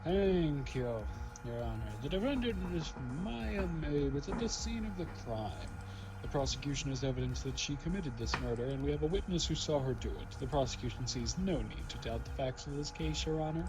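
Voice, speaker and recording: A man's voice: fairly high pitch, expressive, brisk, noisy background. A man voicing a haughty, confident male prosecutor with a formal, stern delivery. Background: game music.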